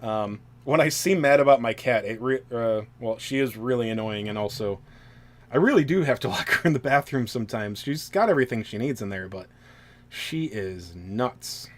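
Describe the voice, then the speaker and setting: A man in his thirties chats with a fellow streamer, rambling and poking fun at himself, his sentences full of ums and uhs. His voice sits at an average pitch. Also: expressive, normal speed. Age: 30s. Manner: rambling and self-deprecating, full of fillers. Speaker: game streamer. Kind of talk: casual chat.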